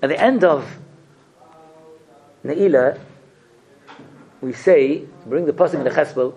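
A man giving a religious sermon, asking rhetorical questions and telling stories with expressive delivery. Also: on the high side, takes it slowly, pauses often, faint music behind. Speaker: rabbi giving a talk.

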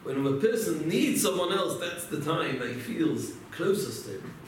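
A man's voice: fairly high pitch, big pitch swings, moderate pace, slight background noise. A man giving a religious lecture, telling stories and asking and answering his own rhetorical questions. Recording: echoey room, mic far off.

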